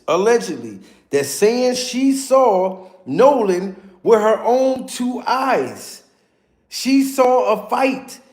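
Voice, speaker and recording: Male commentary host, high voice, echoey room, keeps rallying the audience. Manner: repetitive, hyped, addressing viewers. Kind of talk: reaction commentary.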